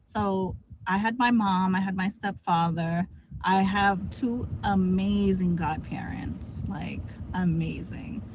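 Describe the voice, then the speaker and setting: A woman's voice: medium pitch, steady tone, slow pace, background noise. Candid woman in her late thirties. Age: 30s. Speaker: guest streamer. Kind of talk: casual interview chat.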